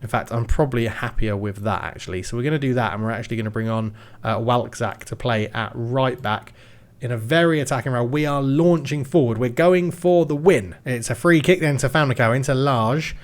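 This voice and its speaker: A young man giving lively commentary on his football management game, shouting when goals go in. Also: medium pitch, fairly quick. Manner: excitable play-by-play, shouts at goals. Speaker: gaming YouTuber.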